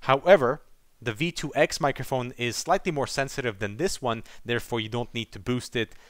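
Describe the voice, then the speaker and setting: A man talks casually through a headset review, testing microphones and clicking through settings. His voice is bright and forward, and the sound is dry and close, with no room echo. His delivery is relaxed and conversational. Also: mid-range voice, fairly quick. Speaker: tech reviewer. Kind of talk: product review narration. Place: home desk setup. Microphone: headset microphones under test.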